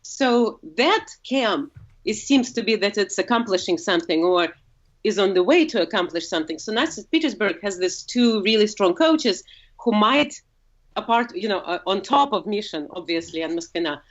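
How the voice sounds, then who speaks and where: A woman's voice: medium pitch, lively intonation, normal speed, lo-fi sound. A woman with a Russian accent and Russian as her first language, talking as a guest in a casual conversation. She explains at length, with frequent fillers and self-corrections. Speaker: guest, opera singer.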